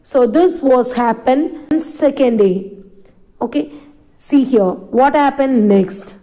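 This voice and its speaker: A woman's voice: sits high, slow, mellow, low-quality recording. A woman teacher reading a story to children and explaining each new word as she goes, repeating lines patiently.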